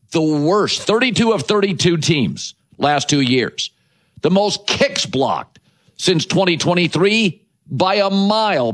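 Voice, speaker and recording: A man's voice: a little high, fairly bright tone. A man hosting a sports radio show, delivering an emphatic, punchy monologue of opinions.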